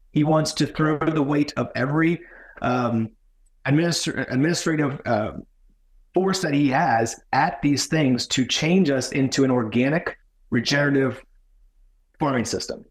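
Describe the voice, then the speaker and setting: A man talking as a podcast guest, earnest and halting, often restarting his sentences. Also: mid-range voice. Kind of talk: conversational podcast talk.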